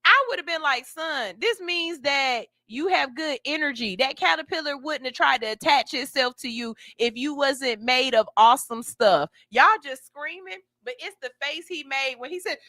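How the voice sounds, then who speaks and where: A woman hosting a radio show, joking and telling stories in animated, slangy casual chat. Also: high-pitched, normal speed, hardly any pauses, no room sound, clean studio sound.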